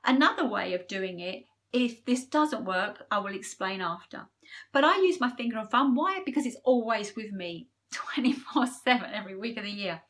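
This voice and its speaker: Woman, earnest spiritual talk to camera, emotional, bright and clear, a little high. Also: lively intonation. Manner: earnest and openly emotional, with pauses. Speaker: numerology forecaster.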